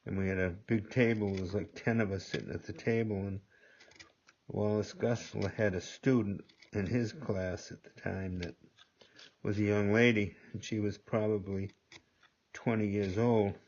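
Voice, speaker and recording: An older man demonstrating gunsmithing in a workshop, talking slowly and rambling, repeating himself as he works. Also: fairly low pitch, steady tone, darkish tone. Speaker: gunsmithing instructor. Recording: dull lo-fi audio.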